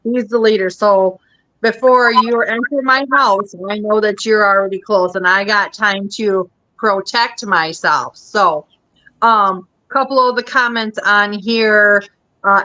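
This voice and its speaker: A woman's voice: medium pitch, fairly even intonation, unhurried, pushed and bright. A Midwestern woman with a Minnesota accent, hosting a casual chat show and rambling along with lots of fillers. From American Midwest. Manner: chatty, rambling, frequent fillers. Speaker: podcast host.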